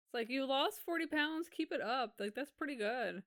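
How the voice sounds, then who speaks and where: A woman's voice: high voice, expressive, normal speed, a bit bright, no room sound, studio quality. A woman co-hosting a podcast, reacting to a reality show recap with incredulous remarks. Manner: reactive, incredulous, laughs along. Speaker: podcast co-host. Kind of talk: casual recap chat.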